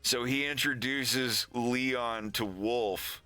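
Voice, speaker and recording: A man's voice: mid-range voice, fairly even intonation, very slow, bright, forceful tone, smooth. A man in casual stream chat, rambling and laughing often as he talks through his cartoon. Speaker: animator streaming.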